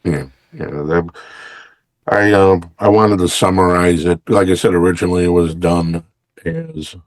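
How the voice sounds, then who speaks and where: Man, deep voice, halting guest with fillers, dry sound. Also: animated, no echo. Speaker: author guest. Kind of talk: interview conversation.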